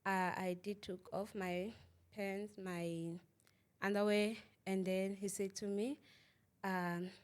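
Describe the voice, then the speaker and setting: Halting young woman telling a painful story. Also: mid-range voice, flat delivery. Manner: halting, repeats words, many fillers; asks "you understand?" often. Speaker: interview guest. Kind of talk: emotional personal testimony.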